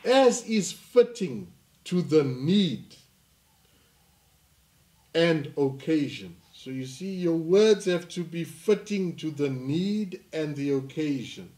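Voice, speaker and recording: A male pastor from South Africa preaching a sermon, reading scripture slowly and then rising to emphatic delivery. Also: fairly high pitch, expressive, darkish tone.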